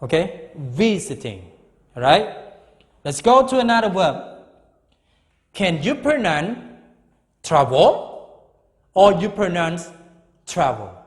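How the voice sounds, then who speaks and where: Slow, lively-voiced male English teacher. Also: sits high, big-room sound. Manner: slow, emphatic, repeats key words. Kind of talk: classroom grammar lesson.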